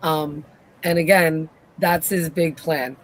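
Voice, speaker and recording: A podcast co-host in a casual show recap, retelling scenes with lively acted-out quotes. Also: mid-range voice, slow pace, a little hiss or hum. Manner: animated retelling, acts out quotes.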